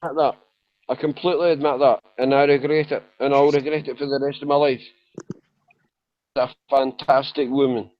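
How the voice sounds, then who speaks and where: A man's voice: medium pitch, flat delivery, brisk, no echo. A man talking in an online voice chat, rambling and apologetic, repeating himself, woozy and drowsy from medication. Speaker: chat room panelist. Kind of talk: emotional voice chat. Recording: dull lo-fi voice chat audio.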